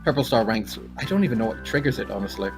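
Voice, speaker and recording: A man co-hosting a casual gameplay chat, animated and quick to swear, with sudden jumps in pitch when excited. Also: gravelly, over music. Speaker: gaming co-host.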